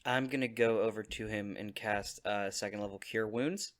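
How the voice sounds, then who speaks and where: A man playing a tabletop game, speaking casually and relaxed, with fillers. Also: fairly low pitch, normal speed. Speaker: player.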